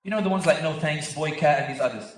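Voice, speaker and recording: A man giving an animated, joking public speech to a live audience, with emphatic stretches. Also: a little high, quick pace. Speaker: guest speaker. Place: large convention centre hall. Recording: echoey hall, voice picked up from far off.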